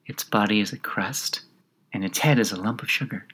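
A man reading aloud, voicing a small melancholy talking gnat with a soft, sighing, drawn-out delivery. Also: fairly low pitch, husky. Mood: explaining. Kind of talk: audiobook character reading.

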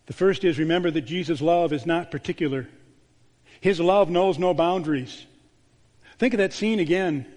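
A man, a pastor, delivering a sermon with a storytelling manner, dropping to a hushed voice on key words. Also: fairly high pitch, normal speed. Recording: long church reverb.

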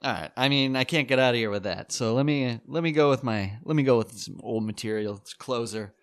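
A man's voice: medium pitch, a little fast, clear, resonant tone, no room sound. A man doing an awkward stand-up set on a club stage, rambling and hesitant with many fillers and nervous laughs. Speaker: stand-up comic.

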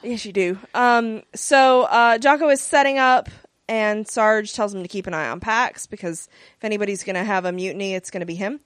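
A woman's voice: mid-range voice, moderate pace, no echo. A woman in casual chat, recapping an episode in a rambling way with many fillers. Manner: rambling, lots of fillers and laughs. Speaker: podcast co-host recapping a TV episode.

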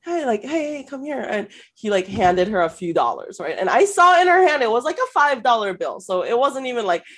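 A woman co-host spinning a story on a casual podcast, her voice bouncing lively up and down. She talks in a loose, chatty way with plenty of fillers, breaks into laughs, and slips into little impressions of the people she describes. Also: mid-range voice, brisk. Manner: animated, frequent fillers and laughs, acts out quotes.

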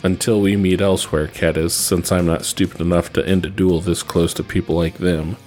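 A man's voice: low-pitched, level tone, moderate pace, a little mellow, soft background music, natural voice. A man voicing a blunt, hard-edged young male swordsman in a read-aloud story, curt and defiant.

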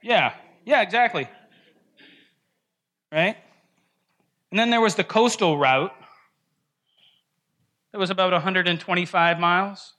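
A man leads a casual Bible study in a church classroom, his voice bright and forceful and sitting a little high. He talks loosely to the group, checks in with questions and often restarts his sentences. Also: a little slow, long pauses. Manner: conversational, asks the group questions, frequent restarts and "right?". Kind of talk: informal classroom teaching.

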